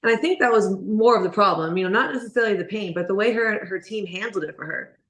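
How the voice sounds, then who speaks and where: A woman's voice: medium pitch, fast talker, a bit bright, roomy sound. A woman boxer being interviewed, talking candidly and bluntly with lots of "like" and "you know". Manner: candid and blunt, filler-heavy speech. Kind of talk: casual interview.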